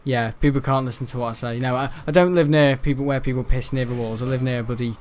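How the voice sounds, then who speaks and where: A man's voice: medium pitch, fairly even intonation, fast, darkish tone. A young British man at home in his bedroom, rambling through casual gaming commentary, joking, swearing freely and laughing often. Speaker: gaming video host.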